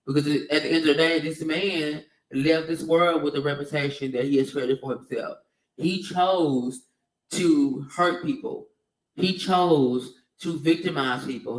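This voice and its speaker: A man's voice: on the high side, distant mic. Heated, cursing man in an echoey room. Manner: heated, emphatic, profane, repetitive. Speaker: video commentator. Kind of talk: ranting opinion vlog.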